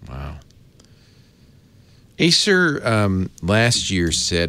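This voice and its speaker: A man hosting a casual tech podcast, an animated storyteller who laughs often. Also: on the low side, brisk, no echo. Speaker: host.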